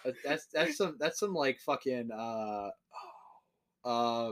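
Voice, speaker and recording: Animated young man in casual podcast chat. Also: medium pitch, slow pace. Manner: animated, swearing, laughing, with mock-shouted quotes. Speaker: podcast co-host.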